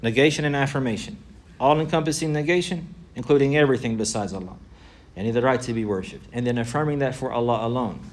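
A man teaching a religious lesson, repeating key phrases for emphasis and reciting Arabic phrases quickly. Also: medium pitch. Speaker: Islamic teacher.

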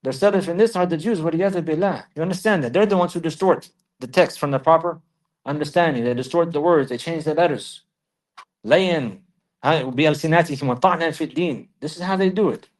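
A man giving a religious lesson, repeating key phrases for emphasis and reciting Arabic verses quickly. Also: on the high side, a little mellow, rough recording. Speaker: Islamic teacher.

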